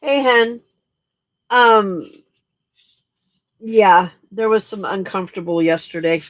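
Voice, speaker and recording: A woman hosts a late-night crafting livestream. She sounds tired and keeps yawning, and she talks slowly in a relaxed, chatty way, greeting viewers by name as she works. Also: medium pitch, dry recording. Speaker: livestream host.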